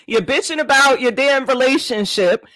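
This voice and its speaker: A woman's voice: sits high, normal speed, fairly bright tone, no echo, rough recording. A woman hosting a podcast, chatting casually in slang, laughing often and reading out multiple-choice questions to her guest. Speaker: podcast host. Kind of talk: casual interview chat.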